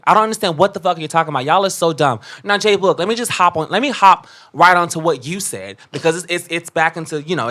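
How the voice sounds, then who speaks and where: A fired-up man sounding off on a casual podcast. He curses freely, keeps circling back to his point, and now and then jumps to loud, high bursts of outrage. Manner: fired-up, profane ranting with sudden loud bursts. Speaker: podcast co-host. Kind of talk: heated casual commentary.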